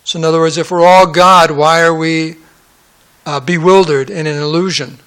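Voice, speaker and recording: This sermon-style scripture lesson is led by a man whose fairly high, bright voice has a clear, resonant tone. Speaking at a moderate pace and in an easygoing way, he interrupts the text with jokes and does voices for the quotations.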